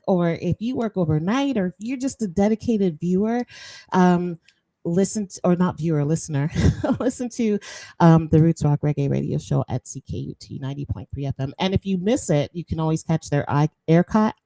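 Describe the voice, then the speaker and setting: A chatty woman host, talking casually and slipping into patois between laughs. Her voice sits low and mellow. The recording is dry and close. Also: no echo. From Jamaican roots. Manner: chatty, animated, laughs often, slips into patois. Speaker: podcast host. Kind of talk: casual chat.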